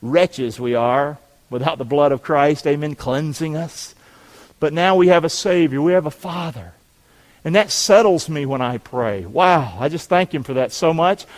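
Preacher, high voice, call-and-response sermon with shouted peaks, long church reverb. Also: male voice, moderate pace. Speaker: pastor.

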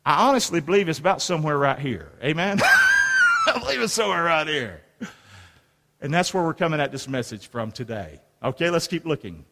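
A man preaching a sermon as pastor, in lively call-and-response with rhetorical questions to the congregation. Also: fairly high pitch, brisk, raised voice. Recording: long reverb of a large hall.

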